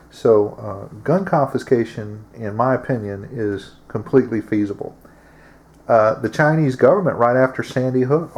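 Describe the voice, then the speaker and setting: This is a man hosting his own show with a medium-pitched, slightly mellow voice. He delivers a casual monologue to camera, plain-spoken and drawling, with lots of fillers.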